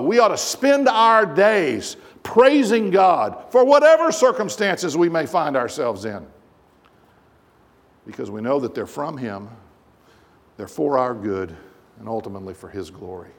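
Lively, high-voiced male preacher. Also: a little slow, in a large hall. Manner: emphatic preaching with rhetorical questions. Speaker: pastor. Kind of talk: sermon. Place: church sanctuary.

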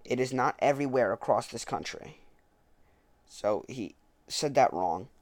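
A man's voice: medium pitch, expressive, unhurried, a little mellow, no room sound. A man commenting on a political speech, arguing point by point and correcting his own slips. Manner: argumentative, self-correcting. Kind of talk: reading a speech aloud and commenting on it.

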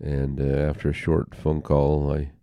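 An older man with a very deep, gravelly voice tells a personal story at an unhurried pace. He speaks haltingly and from the heart, pausing and restarting. The recording is close and dry. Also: monotone, dark tone, dry recording. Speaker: interview guest.

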